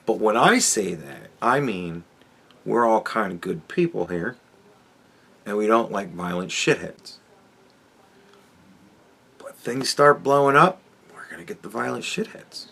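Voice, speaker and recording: Bright-voiced, foul-mouthed male podcast host. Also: on the low side, animated, unhurried, vocal fry, long pauses, breathy edge. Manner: sardonic, swears a lot, chuckles often. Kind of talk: profane commentary monologue.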